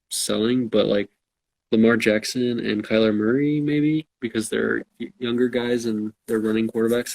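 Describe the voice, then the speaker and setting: A man's voice: mid-range voice, vocal fry, no echo, low-quality recording. A man co-hosting a casual live-stream chat, answering viewer questions in a laid-back, self-deprecating way.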